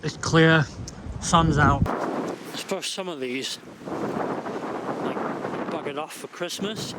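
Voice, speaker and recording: A man vlogging casually as he drives and walks around a town, joking at his own expense and muttering asides. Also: fairly high pitch. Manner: chatty, self-mocking, mutters asides. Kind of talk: casual travel vlog. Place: outdoors in town and in a car. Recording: loud street noise. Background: loud outdoor and traffic noise.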